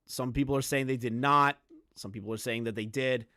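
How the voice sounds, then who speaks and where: A man's voice: mid-range voice, steady tone, fairly quick, pushed and bright, dry recording, clean studio sound. A man giving live-stream commentary on online drama, blunt and emphatic, swearing now and then.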